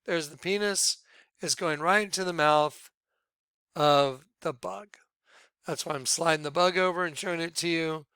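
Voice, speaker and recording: A man leading a ministry, talking viewers through images on his screen in an excitable, repetitive way. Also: a little high, normal speed, smooth, no echo. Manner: excitable, repeats himself, points things out to viewers. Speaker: ministry leader presenting on screen. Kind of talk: screen-share commentary.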